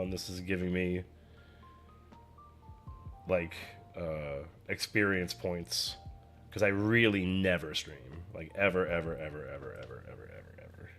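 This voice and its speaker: एक युवा आदमी घर से स्ट्रीम करते हुए बेफ़िक्री से बातें करता है; उसकी आवाज़ कुछ गहरी है और पीछे धीमा संगीत चलता है।. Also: male voice, deep voice. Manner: rambling, chatty, self-deprecating. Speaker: streamer. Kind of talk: casual chat while painting on stream. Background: faint music.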